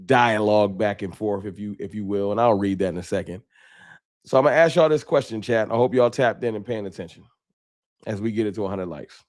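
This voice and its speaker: A man with a slight lisp hosting a casual sports talk live stream, talking straight to his chat in slangy, animated bursts. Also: lowish voice.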